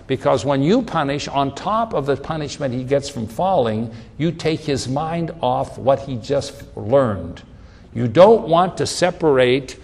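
A middle-aged man preaching a sermon, emphatic, repeating phrases and slowing down on scripture. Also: a little high. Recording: long hall reverb.

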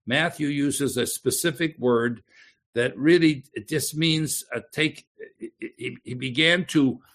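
A man preaching a sermon, reading Bible passages aloud with lively emphasis and frequent restarts and repeated words. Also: mid-range voice, slow.

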